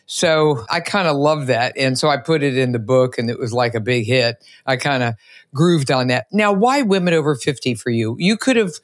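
A woman's voice: a bass voice, expressive, moderate pace, no echo, clean studio sound. A middle-aged woman hosting a podcast interview, talking with energy and emphasis. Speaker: podcast host. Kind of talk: enthusiastic interview chat.

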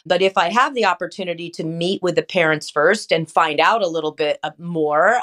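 A woman's voice: deep voice, fairly bright tone. A woman speaking as a child life specialist, upbeat and explaining with examples in an interview. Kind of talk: interview answers.

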